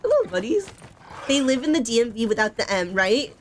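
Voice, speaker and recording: A woman's voice: on the high side, fast, a little hiss or hum. A young woman streaming a video game, chatting casually and giggling, with lots of "like" and "bro" in her talk. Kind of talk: casual gaming stream chat.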